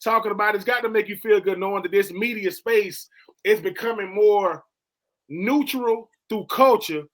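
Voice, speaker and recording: A sports radio co-host, a man with a high-pitched voice. He talks in a loose, slangy, earnest way, as if he is speaking straight to a friend. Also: moderate pace, fairly bright tone. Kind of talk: casual sports radio chat.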